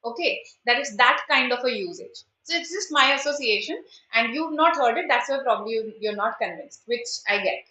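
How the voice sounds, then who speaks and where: A woman's voice: on the high side, animated, fairly quick, hardly any pauses, bright, forceful tone, reverberant, slight background noise, poor audio. A woman teaching an online grammar lesson in Indian English, mixing in Hindi and quizzing her students. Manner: switches between English and Hindi, asks students questions. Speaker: online exam prep teacher. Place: indoors at home.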